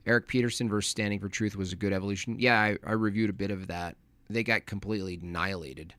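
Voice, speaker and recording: A man's voice: fairly low pitch, steady tone, fast talker, fairly bright tone, clean tone, no echo. A man hosting a livestream, reading chat and ranting in a mocking, opinionated way. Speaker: livestream host.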